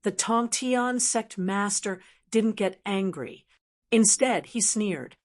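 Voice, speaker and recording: A woman reads a fantasy novel aloud as an audiobook narrator. She keeps a steady, even storytelling delivery at a middle pitch. The pacing is plain and unhurried.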